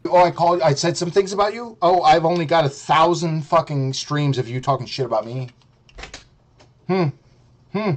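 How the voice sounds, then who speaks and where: A man's voice: high-pitched, expressive, normal speed. A man streaming a profane, mocking rant, heated and sarcastic. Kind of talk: ranting commentary.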